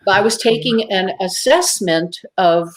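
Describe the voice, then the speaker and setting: A woman guest telling a personal story on a talk show, emphatic and vivid, with dramatic pauses and acted-out inner voices. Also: mid-range voice. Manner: vivid storyteller who acts out her own inner voices.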